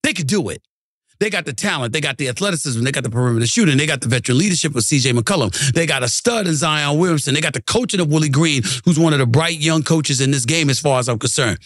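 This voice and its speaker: A middle-aged man hosting a sports commentary show, ranting heatedly and swinging from low grumbling to high shouting. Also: animated, quick pace, dry recording, studio quality. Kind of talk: animated sports rant.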